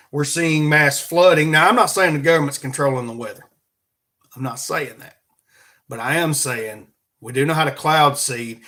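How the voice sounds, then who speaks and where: A podcast host from Alabama, USA, speaks with the local accent in a folksy, rambling monologue full of jokes and merch plugs. His voice is a little high, pushed and bright.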